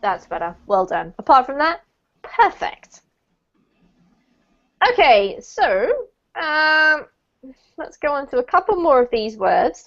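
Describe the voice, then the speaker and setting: A woman's voice: sits high, big pitch swings, slow, long pauses. Encouraging woman teacher on a muffled call. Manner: encouraging, gives gentle feedback. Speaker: pronunciation teacher. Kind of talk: online group pronunciation class. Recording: muffled video call audio.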